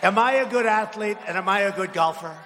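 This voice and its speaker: Bright high-voiced guy giving a rally speech, mocks people, shouts lines, big arena echo and faint noise. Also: fairly quick. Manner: mocking, repetitive, shouts lines to the crowd. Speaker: political speaker at a rally. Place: large arena.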